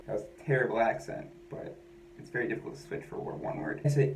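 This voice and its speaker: A man's voice: medium pitch, expressive, fairly quick, darkish tone, a little hiss or hum. Rambling man in an echoey room. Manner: rambling, self-questioning, candid. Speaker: vlogger. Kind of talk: personal monologue.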